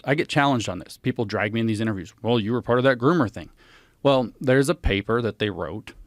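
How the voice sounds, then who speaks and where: A man talking as a podcast guest, explaining ideas emphatically and citing sources in animated conversation. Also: mid-range voice, dry recording, studio quality.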